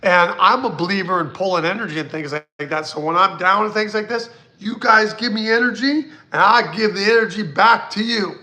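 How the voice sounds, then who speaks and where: A man's voice: high-pitched, a little fast, few pauses, sharp tone. A man hosting a live psychic question-and-answer stream, speaking bluntly and casually, reading viewer questions aloud and swearing now and then.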